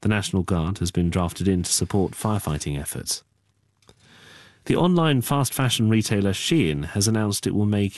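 A man reading a radio news bulletin in a measured, formal way. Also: low voice, a little mellow, dry recording, studio quality. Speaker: newsreader.

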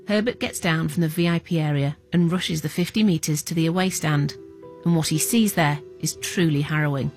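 A woman narrating a documentary in a measured, even scripted read. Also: low voice, faint music behind.

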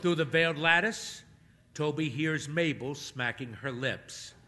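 A man narrating a comic story in a wry, animated way. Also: on the high side, measured pace, long reverb tail, slight background noise.

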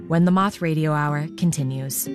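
A woman hosting a radio show, giving a calm, scripted wrap-up of a story. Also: sits low, normal speed. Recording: loud music and crowd behind.

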